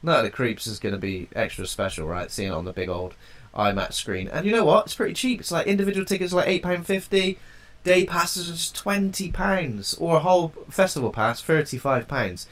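A man's voice: on the high side, fairly quick, a bit bright. A man from England with a cold, co-hosting a podcast in a chatty, joking way and sometimes hunting for words. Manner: chatty, jokey, loose with wording. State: has a cold. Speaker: podcast co-host. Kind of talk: casual podcast chat.

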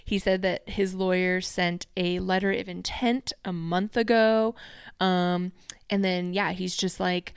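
A woman's voice: fairly low pitch, flat delivery, a little slow, smooth, no echo, clean studio sound. A woman co-hosting a podcast, chatting casually as she recaps scenes and retells who said what. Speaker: podcast co-host.

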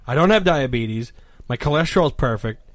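Boisterous self-mocking man, lively voice. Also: medium pitch, normal speed, no room sound. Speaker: podcast co-host. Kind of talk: casual chat.

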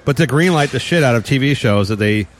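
A man's voice: mid-range voice, expressive, slight background noise. A man chatting casually and joking in a rambling, laughing way. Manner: fast, rambling, joking with frequent laughs and fillers. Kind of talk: casual podcast banter.

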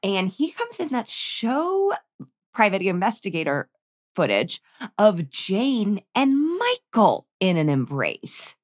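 A woman's voice: mid-range voice, wildly swooping pitch, slow pace. A woman co-hosting a casual TV recap chat. She is chatty and quotes her own reactions with dry jokes. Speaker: podcast co-host.

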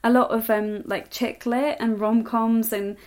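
A woman's voice: fairly high pitch, flat delivery, measured pace, a little mellow. A woman from South West England with a posh southern English accent, co-hosting a casual podcast chat and laughing often. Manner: chatty, laughs often, reads out a list. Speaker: podcast co-host.

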